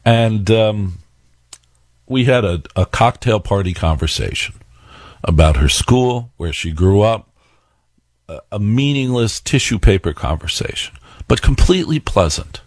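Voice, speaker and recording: A man's voice: fairly low pitch, expressive, measured pace, no echo, studio quality. A man hosting a radio talk show, telling a story and asking listeners rhetorical questions. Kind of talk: radio monologue.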